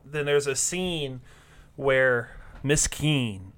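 A male podcast host talking casually with friends. His voice is bright and forceful, and he rambles, circling back with ums and restarts as he recaps. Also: medium pitch, drawn-out words. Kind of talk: casual chat.

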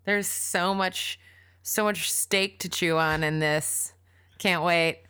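Low-voiced woman hosting a podcast. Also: steady tone, slow pace, bright, forceful tone, clear, resonant tone. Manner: affectionate, laughs often, short reactions. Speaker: podcast host. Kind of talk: casual podcast conversation.

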